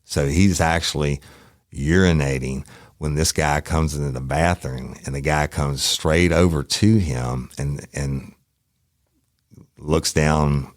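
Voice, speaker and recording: A man's voice: very deep voice, dry recording, studio quality. A man, a former detective hosting a podcast, rambling and swearing freely as he tells a crime story. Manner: rambling, profane, self-interrupting.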